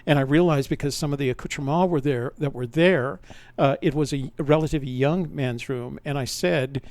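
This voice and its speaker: A man's voice: on the high side, a little fast, darkish tone, no room sound. Older man telling a rambling story. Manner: rambling, self-correcting, conversational. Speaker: podcast host. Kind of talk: personal storytelling.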